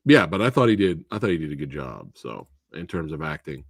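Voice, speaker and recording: A man hosting a live movie review, talking in a casual, animated way and slipping into exaggerated quoted voices. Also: a bass voice, fairly quick, creaky, slightly rough, no room sound, clean studio sound. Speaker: host of a movie review show.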